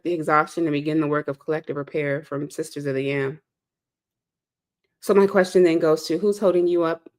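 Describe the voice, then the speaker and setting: A woman from the South Side of Chicago, hosting and speaking in an impassioned monologue with an emphatic, preacher-like delivery that repeats key phrases. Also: fairly low pitch. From South Side of Chicago, USA. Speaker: host and speaker.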